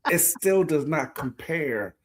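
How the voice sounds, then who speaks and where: A man's voice: fairly high pitch, expressive, slow. A man co-hosting a podcast in casual chat, playful and fond of jokey exaggeration. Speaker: podcast co-host.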